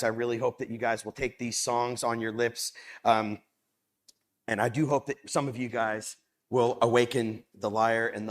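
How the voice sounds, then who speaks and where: A man in his thirties giving a Bible study talk to young people, lively and rising loud when he reads scripture aloud. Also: medium pitch.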